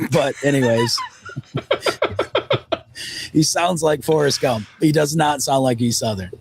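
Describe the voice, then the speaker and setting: Co-host: man, higher voice, animated, teasing banter. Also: takes it slowly, vocal fry, a little hiss or hum. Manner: joking and teasing. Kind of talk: casual chat.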